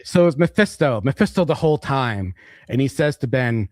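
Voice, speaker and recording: An animated man tells a comic book story in casual chat, full of "you know" and "like". His pitch jumps as he acts out characters. The sound is close and dry. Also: normal speed, no echo. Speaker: podcast host explaining comics.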